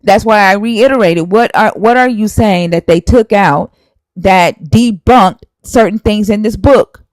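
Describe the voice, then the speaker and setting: A woman's voice: medium pitch, a little slow, no room sound, poor audio. A woman hosting a live stream, arguing heatedly and scolding a viewer while citing scripture verses. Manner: emphatic, scolding, cites scripture.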